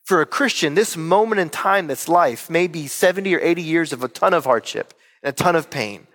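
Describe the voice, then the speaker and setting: A man's voice: a little high, animated, brisk, fairly bright tone, long reverb tail. A man preaching a sermon as pastor, earnest and emphatic, repeating key words for weight. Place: church hall.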